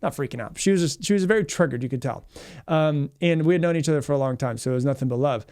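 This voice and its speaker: A male podcast host and mindset coach tells stories at a rapid clip, restarting and repeating phrases as he goes. His voice sits a bit high for a man, and he acts out the lines of the people in his stories. The sound is dry and close, with no room echo. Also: smooth. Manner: fast, energetic, repeats himself, acts out quotes. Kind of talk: storytelling podcast monologue.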